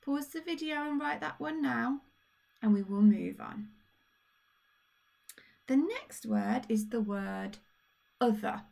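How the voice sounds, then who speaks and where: A woman with a Birmingham accent, a primary school teacher recording a phonics lesson for young children, patient and encouraging, spelling out sounds slowly. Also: sits high, creaky, darkish tone. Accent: Birmingham (Brummie).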